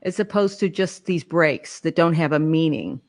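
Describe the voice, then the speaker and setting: A woman's voice: low-pitched, normal speed, darkish tone. A woman teaching a voice master class over a video call, encouraging and sometimes sounding out phrases in French. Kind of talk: live-streamed master class coaching.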